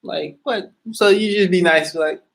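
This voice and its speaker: A man in a casual monologue, talking in a slangy, profane, animated way. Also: high voice, a little slow.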